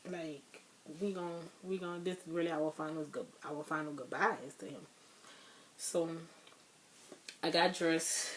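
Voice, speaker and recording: A young woman with a slightly low voice tells a sad story from her own life. She talks to her viewers casually, calling them y'all, and the grief sits under every word. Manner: chatty, addresses viewers as y'all; emotional, grieving retelling. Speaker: vlogger.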